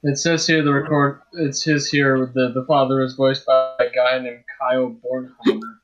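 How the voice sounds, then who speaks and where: A man's voice: mid-range voice, little pitch movement, normal speed, fairly bright tone, faint music behind. A man co-hosting a podcast in casual chat, making dry offhand remarks and reading things out as he looks them up. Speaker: podcast co-host. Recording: dull lo-fi mic.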